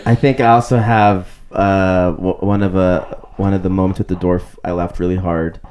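A man with a somewhat low voice co-hosts a relaxed film podcast. He retells scenes in a halting way, often stopping and restarting his sentences. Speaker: podcast co-host. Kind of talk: casual film discussion.

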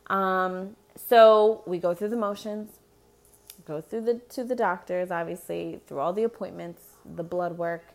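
A woman's voice: lowish voice, fairly even intonation, a little slow, creaky. A young woman telling her pregnancy story in a candid personal vlog, rambling, laughing often and swearing freely. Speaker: expectant mother.

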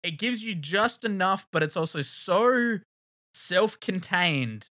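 Bright-voiced South Australian man. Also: high voice, animated, slow. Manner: rambling, laughing, swearing casually. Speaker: podcast co-host. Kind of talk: casual chat.

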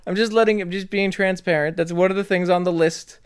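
A man co-hosting a podcast in casual chat, joking in profane, deadpan rants. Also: sits high, brisk, clear, resonant tone. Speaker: podcast co-host.

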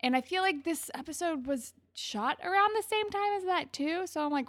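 A woman's voice: very high-pitched, animated, moderate pace, few pauses, a bit bright. A young woman co-hosting a casual TV recap chat, retelling scenes with quoted dialogue. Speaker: podcast co-host.

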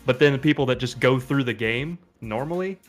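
Man making a calm analytical point. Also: mid-range voice, brisk, faint music behind. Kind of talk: casual chat about video games.

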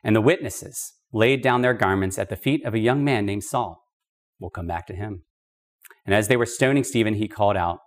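Speaking into a podcast microphone, a man leads a Bible study in an emphatic yet conversational style, dropping in casual asides. His voice is lowish and his speed normal.

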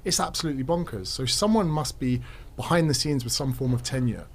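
A man hosting a podcast in casual chat, joking and talking quickly. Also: medium pitch, lively intonation, slight background noise. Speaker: podcast host.

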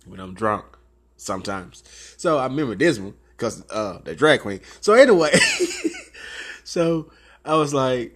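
A man in his thirties hosting a talk show, telling a story in a casual, animated way and laughing often between lines. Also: medium pitch, measured pace. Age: 30s.

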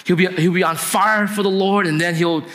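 A man's voice: high voice, steady tone, normal speed, fairly bright tone. A young adult man preaching a sermon in a conversational storytelling way, often checking in with his listeners. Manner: conversational, often asks "right?" to the congregation. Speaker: pastor.

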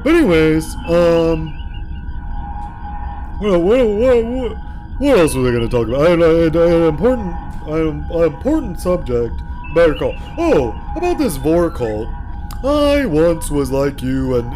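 A man's voice: on the high side, expressive, moderate pace, music in the background. A man hosting a comedy podcast, rambling through tangents and stumbling over repeated words. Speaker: podcast host.

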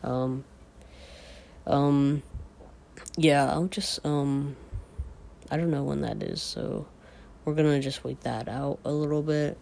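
A podcaster talking in a casual, confessional way, a man whose voice is changing and cracks now and then. He talks haltingly, with many fillers and restarts. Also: fairly high pitch, fairly even intonation, gravelly, a little mellow, slight background noise.

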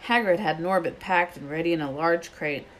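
A woman reading a children's book aloud in a steady storytelling way, with small slips. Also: on the low side, moderate pace, slight background noise. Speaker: reader.

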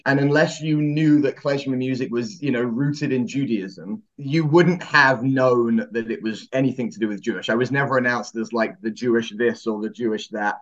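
A man in his forties, a former wrestler, telling stories as a guest in a casual interview, often pausing and restarting. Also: medium pitch, lo-fi sound. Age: 40s. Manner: chatty storyteller, frequent fillers and restarts. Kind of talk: conversational interview.

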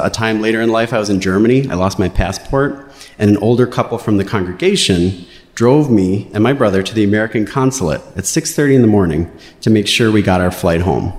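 Wry male storyteller in an echoing hall. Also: on the low side. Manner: wry, animated, playing quotes in raised voices. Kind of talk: live personal storytelling. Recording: roomy hall reverb.

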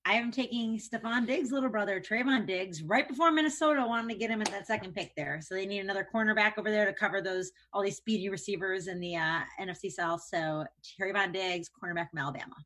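A woman talks fast in a casual sports panel chat. She sounds confident and gives quick reasons for each of her picks. Her pitch sits in a middle range. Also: fairly bright tone.

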